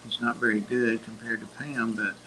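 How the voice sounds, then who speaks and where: Older man rambling with a flat voice. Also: mid-range voice, moderate pace, slight background noise, low-quality recording. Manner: rambling, reminiscing storyteller. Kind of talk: casual chat.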